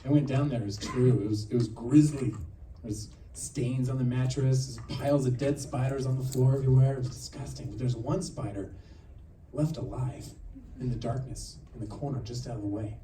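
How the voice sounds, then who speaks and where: A man doing a stand-up set, telling stories in an animated way and acting out other people's voices. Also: medium pitch, normal speed, recorded from a distance. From New Mexico. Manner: animated storytelling with acted-out voices. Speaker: stand-up comedian. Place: theater stage with audience laughter. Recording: roomy theater sound from afar, audience noise.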